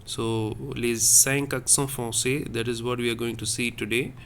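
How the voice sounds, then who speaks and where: Male language teacher, slow and repetitive, mid pitch, faint room noise. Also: flat delivery, fairly bright tone. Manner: slow, repetitive, checks with "okay?". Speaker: French teacher. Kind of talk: classroom lesson.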